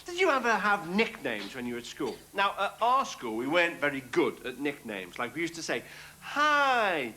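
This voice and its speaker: A man's voice: a little high, very animated, fairly quick, few pauses. A man with a Liverpool accent doing a sardonic, ranting stand-up comedy monologue. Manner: ranting, sardonic, shouting bursts. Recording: loud studio audience and noise.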